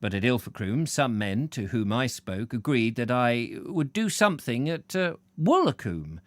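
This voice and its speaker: A male audiobook reader with a lively, expressive voice that rises and falls freely. He reads a travel book and keeps wandering into playful, digressive, self-mocking asides. The sound is dry and close, with no room echo. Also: mid-range voice, normal speed.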